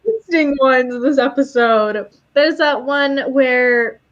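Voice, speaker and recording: A woman co-hosting a fan podcast in casual chat, excitable, laughing often and acting out characters' lines. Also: high-pitched, a little slow, dull audio. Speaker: podcast co-host.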